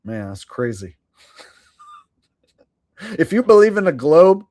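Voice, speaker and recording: A man's voice: on the high side, big pitch swings, takes it slowly, a little mellow, no echo, studio quality. A man hosting a live stream, chatting casually and sarcastically, swearing freely and laughing at his own jokes.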